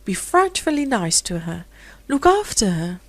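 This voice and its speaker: A woman's voice: mid-range voice, very animated, measured pace, no room sound. A woman voicing a rich, impulsive young society lady in an audiobook story, with a gushing, eager manner.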